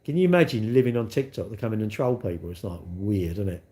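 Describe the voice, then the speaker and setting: A man's voice: lowish voice, expressive, fast, mellow. A middle-aged man chatting on a phone livestream, rambling and bantering cheekily with viewers. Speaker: livestream host. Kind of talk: casual chat answering live comments.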